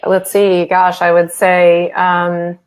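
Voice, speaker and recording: A woman's voice: on the low side, completely flat delivery, takes it slowly. A woman co-hosting a live therapy Q&A, speaking in a thoughtful conversational way. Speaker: co-host therapist. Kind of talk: live Q&A chat.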